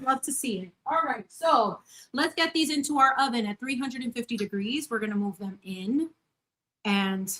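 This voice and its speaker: A woman in her thirties hosting a casual live stream from her home kitchen, baking and chatting effusively with viewers. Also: on the high side. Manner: bubbly and effusive, greets viewers by name. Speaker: channel host.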